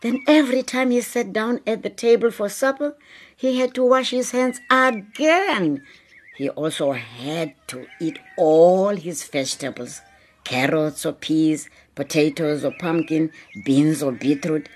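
A woman narrating a children's audio story in a slow, measured way. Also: fairly low pitch.

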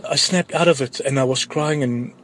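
A man's voice: medium pitch, moderate pace, fairly bright tone, a little hiss or hum. A man with a South African accent giving an earnest, urgent testimony about a vision, often repeating words for emphasis. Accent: South African English.

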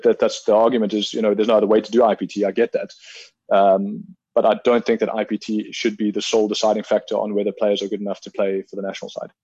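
A South African man in his thirties answers interview questions in a low, fairly flat voice, pausing often with ums and restarting his sentences. The sound is dry and dull, like a lo-fi remote call. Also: no room sound. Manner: measured, reflective, many ums and restarts. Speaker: field hockey player, interview guest. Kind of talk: casual interview conversation.

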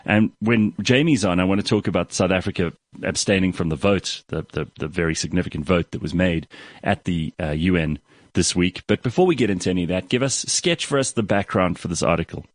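A man hosting a talk show, introducing guests in a brisk way. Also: low voice, lively intonation, dry recording, clean studio sound. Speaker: show host.

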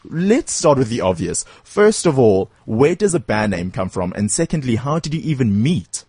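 A man hosting a radio show from the studio, joking and theatrical with his guests. His voice is slightly husky and his pitch jumps around a lot. The sound is dry and close. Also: very animated, moderate pace, hardly any pauses, warm tone, no room sound. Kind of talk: playful studio interview.

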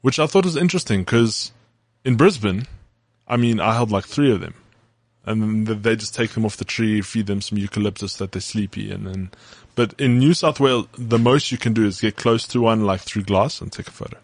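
Male podcast co-host from South Africa, lower voice, measured storytelling, dry sound. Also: dry recording. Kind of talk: casual chat.

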